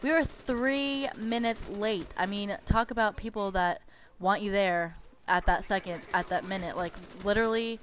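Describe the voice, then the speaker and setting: A woman's voice: mid-range voice, moderate pace, hardly any pauses, slight background noise. A young woman casually telling a story over game footage, chatty and exasperated, with lots of "like".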